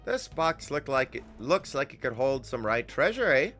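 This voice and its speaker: A man's voice: wildly swooping pitch, moderate pace, a bit bright, soft background music, exaggerated voice. A man doing a cracked-voiced female book mimic. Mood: wheedling. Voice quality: cracked, high voice.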